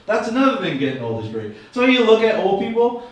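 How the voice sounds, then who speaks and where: A man in his fifties rambles through crude, self-mocking stand-up, chatting with the crowd at an open mic. His voice sits a little high and carries a slight slur from dentures. The recording comes from a distance in a very echoey small venue. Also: big pitch swings, fast. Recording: echoey room, mic far off.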